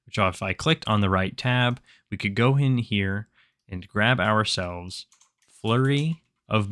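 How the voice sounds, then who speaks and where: Man, lowish voice, dry close sound, methodical tutorial host. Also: fairly bright tone, no echo. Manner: methodical step-by-step explaining. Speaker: tabletop game build guide host. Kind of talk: screen-recorded game tutorial.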